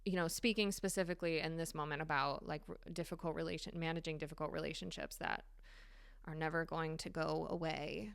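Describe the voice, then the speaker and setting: A woman hosting a solo podcast, talking candidly and swearing freely with animated emphasis. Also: low voice, a little fast, gravelly, clear, resonant tone, dry recording, clean studio sound. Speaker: podcast host. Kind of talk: casual solo podcast monologue.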